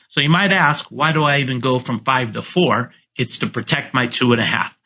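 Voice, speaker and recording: A man's voice: medium pitch, a little fast, few pauses, bright, forceful tone. A man on a remote call, a real estate agent talking casually and confidently as a guest, coaching listeners and often repeating himself. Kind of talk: casual interview chat.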